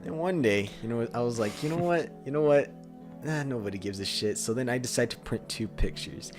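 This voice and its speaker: Over background music, a young podcast co-host talks fairly quickly in a mid-range voice. His story wanders loosely, packed with filler words and punctuated by laughter.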